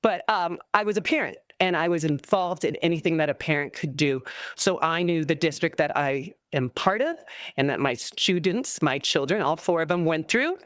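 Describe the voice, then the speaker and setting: A woman in her fifties, a longtime special education teacher, speaking with frustration and halting "um"s during public comment at a school board meeting. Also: low voice, expressive, dry recording, clean studio sound. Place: public meeting room at a podium.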